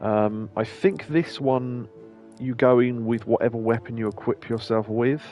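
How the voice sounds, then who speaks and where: A man's voice: medium pitch, fairly even intonation, measured pace, dark tone, soft background music. A man hosting a game stream, commenting in a chatty, rambling way, laughing often and occasionally swearing. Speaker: streamer host. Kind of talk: let's play commentary.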